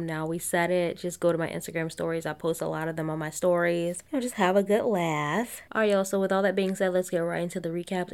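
A woman's voice: fairly low pitch, smooth. A woman hosting a podcast, chatting candidly about reality TV gossip and laughing often, recorded while lying on a futon at home. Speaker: podcast host. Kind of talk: casual gossip and episode recap.

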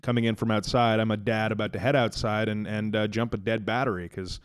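A man's voice: lowish voice, level tone, brisk. Laid-back rambling man, podcast co-host. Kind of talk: casual chat.

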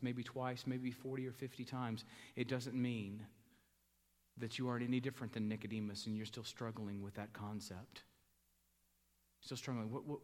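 A middle-aged man with a Southern US accent preaching a fiery funeral sermon from a church pulpit. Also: mid-range voice. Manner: fiery, building to loud preaching peaks. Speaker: pastor. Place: church sanctuary. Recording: long hall reverb.

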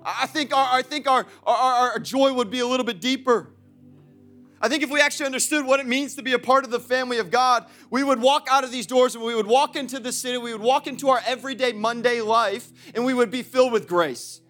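A man preaches to his church in a high, bright-toned voice. He builds energetic, repetitive runs of phrases and laughs often. Faint music plays behind him. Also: fast talker. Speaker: pastor. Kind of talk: sermon. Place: church auditorium.

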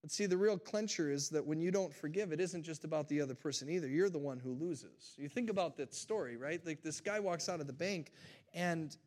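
A man preaching a sermon to his congregation, telling a story with animated energy and speaking directly to them. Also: fairly high pitch, brisk. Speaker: pastor.

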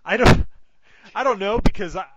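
A man's voice: high-pitched, normal speed. A man co-hosting a casual movie podcast, incredulous and swearing casually as he reacts. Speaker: podcast co-host. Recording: dull lo-fi audio with faint noise.

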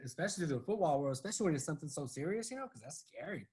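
A man's voice: on the high side, big pitch swings, rapid-fire, darkish tone. A man co-hosting a podcast in casual chat, rambling through stories full of "like" and "you know". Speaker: podcast co-host.

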